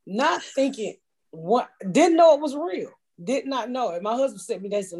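Blunt, husky-voiced middle-aged woman. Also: fairly high pitch, lively intonation, normal speed, darkish tone. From United States. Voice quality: blunt, profane storytelling. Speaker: podcast guest. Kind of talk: casual chat.

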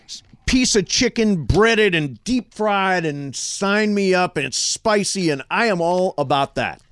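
Man, sports radio host, animated pitch, fairly high voice, dry studio sound. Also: measured pace, clean tone, dry recording. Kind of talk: casual sports radio chat.

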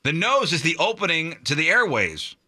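Bright-voiced joking radio host man. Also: fairly high pitch, very animated, normal speed. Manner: jokey, laughs while telling stories. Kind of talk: casual radio banter reading odd news.

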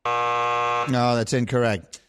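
A man's voice: mid-range voice, monotone, takes it slowly, very noisy. A man hosting a sports call-in radio show, bantering playfully and teasing in a game-show manner.

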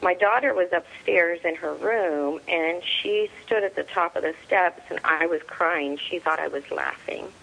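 A middle-aged woman giving an interview as a soldier's mother. She tells her story in a plainspoken, halting way, quoting what each person said. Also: lowish voice, gravelly, a bit bright, low-quality recording. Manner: plainspoken, retells events through quoted dialogue; halting, with frequent fillers and restarts.

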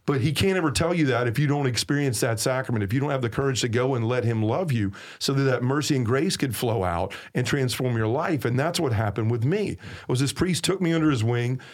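A man's voice: mid-range voice, fairly quick, few pauses. A man with a Southern accent, a podcast guest telling his faith story earnestly, stressing and repeating key phrases. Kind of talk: personal faith testimony in conversation.

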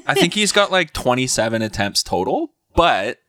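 A man co-hosts a casual sports podcast and tosses playful trivia at his friends. His voice is bright and bouncy, with a lot of pitch movement. The recording is close and dry. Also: big pitch swings, moderate pace, no echo. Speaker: podcast co-host.

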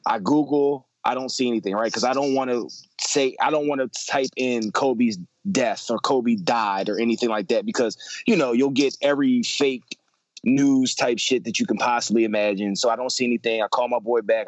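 A man's voice: medium pitch, moderate pace, dry recording, poor audio. A man in his thirties telling a personal story about his family in a casual, conversational way, full of fillers, repeats and slang.

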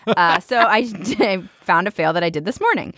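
A woman's voice: mid-range voice, lively intonation, normal speed, a bit bright, no room sound, clean studio sound. A woman in her thirties, a podcast co-host chatting casually, rambling through stories with frequent fillers and laughs. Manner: rambling storyteller, laughs often. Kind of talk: casual chat.

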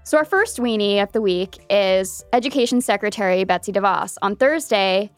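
A woman with a mid-range voice co-hosts a political podcast. She explains stories briskly, with wry asides. Her voice is close and dry. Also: mid-range voice, no echo, soft background music. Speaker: podcast co-host and reporter. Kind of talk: casual political chat.

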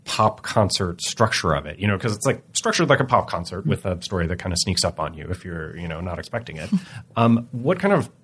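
A man's voice: sits low, sing-song, fairly quick, fairly bright tone, slightly rough. A man hosting an interview, asking casual questions that he often restarts and hedges. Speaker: interviewer, host.

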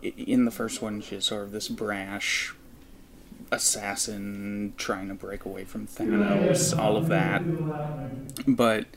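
A man's voice: lowish voice, level tone, slow pace, crowd noise. A man hosting a podcast, asking rambling, hedging interview questions on a film set. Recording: noisy on-set recording.

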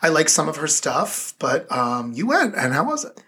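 Raspy-voiced podcast host. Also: male voice, fairly high pitch, normal speed. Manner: relaxed, leads segments. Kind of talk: casual chat.

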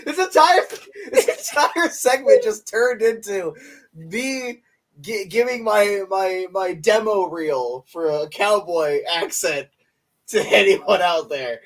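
A man's voice: high voice, animated, takes it slowly. Playful, laughing young man. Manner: playful, laughs often, jokey. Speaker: podcast co-host. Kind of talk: casual chat.

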